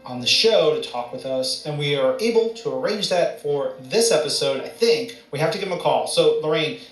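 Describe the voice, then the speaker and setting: A man's voice: fairly high pitch, lively intonation, normal speed, echoey room, soft background music, low-quality recording. A man co-hosting a show, introducing a segment in an upbeat, presenting way. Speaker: co-host.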